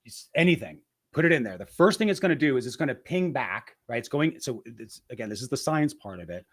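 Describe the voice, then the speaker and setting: A man's voice: mid-range voice, very animated, a little fast. Man explaining step by step, full of restarts. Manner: rambling, explains step by step with many restarts and "right?" tags. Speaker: guest. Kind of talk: casual explanatory interview talk.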